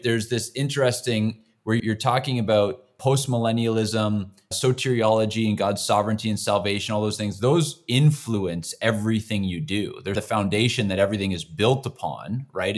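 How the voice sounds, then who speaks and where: Low-voiced interviewer summing up ideas. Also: male voice, normal speed, few pauses. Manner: thoughtful, summarizing the guest's points. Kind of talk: conversational interview talk.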